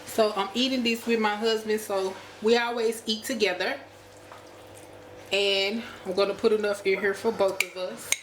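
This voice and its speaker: A chatty woman from the United States talks her viewers through a home-cooked meal and keeps calling them y'all. Her voice sits at a middle pitch. The kitchen rings with echo, and steady background noise carries under her talk. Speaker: cooking vlogger. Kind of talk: casual cooking vlog.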